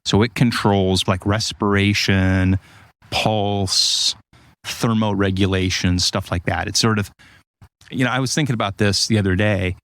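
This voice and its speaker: Low-voiced man explaining with vivid stories. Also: unhurried, no echo. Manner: animated storyteller, acts out quotes. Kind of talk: casual explanatory chat.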